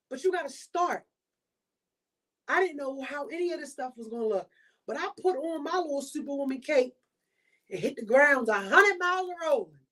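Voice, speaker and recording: A woman's voice: sits high, expressive, normal speed, fairly bright tone. Emphatic woman podcast host, preaching. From Baltimore. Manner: preachy, emphatic, repeats points. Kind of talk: motivational monologue.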